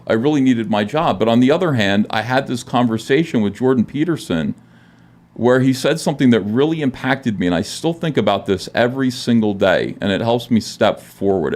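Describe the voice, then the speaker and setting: A man's voice: fairly low pitch, a little mellow. A man, a comic book artist and podcast guest, telling a personal story casually with many filler words and restarts, earnest and self-deprecating.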